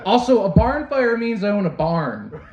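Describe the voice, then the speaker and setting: A man's voice: high voice, very animated, normal speed, heavy background noise. A young man doing a stand-up comedy set on a club stage, crude and self-deprecating, talking straight to the crowd. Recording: roomy, dull club recording. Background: audience laughter.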